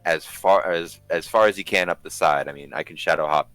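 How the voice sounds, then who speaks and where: A man playing a tabletop game, describing his character's sneaky actions in casual table talk while thinking aloud with frequent pauses. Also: deep voice, fairly bright tone, dry recording, faint music behind. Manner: thinking aloud, pausing with ums and restarts.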